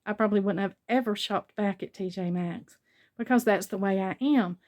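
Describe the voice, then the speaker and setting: A chatty older woman tells a shopping story to her viewers in an easygoing, conversational way. Her voice sits at an ordinary middle pitch, and she retells back-and-forth dialogue as she goes. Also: normal speed, a little mellow. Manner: chatty, retelling a store encounter with quoted dialogue. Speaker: vlogger. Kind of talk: casual storytelling haul vlog.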